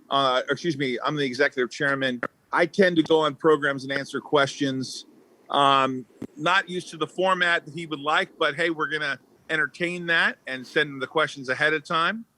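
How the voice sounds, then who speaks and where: A man's voice: fairly high pitch, pushed and bright, rough recording. A man hosting a talk show over a remote link, pressing his co-host with questions. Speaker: show host, company chairman. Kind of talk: casual show banter. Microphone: remote call.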